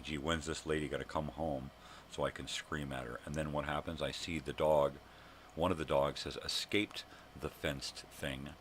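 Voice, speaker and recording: A man's voice: extremely low pitch, slight background noise. An older man ranting casually and profanely to camera, exasperated and blunt. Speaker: vlogger.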